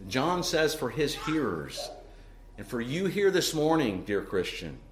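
A man's voice: mid-range voice, very animated, unhurried, echoey room, slight background noise. A man delivering a sermon as pastor, earnest and preaching, often tossing in rhetorical "right?" asides to the congregation.

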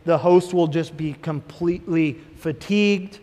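High-voiced preacher in a reverberant hall. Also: male voice, measured pace, a little mellow. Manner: preaching with rising emphatic bursts and acted inner voices. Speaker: pastor. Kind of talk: sermon.

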